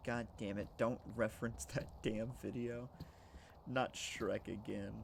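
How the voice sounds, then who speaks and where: Guy rambling to chat on a game stream, cursing and joking, raspy fry in his voice. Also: on the low side, fairly even intonation, measured pace, slight background noise. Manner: joking, profane, rambling, laughs often; talks to chat. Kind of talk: casual live-stream chat while gaming.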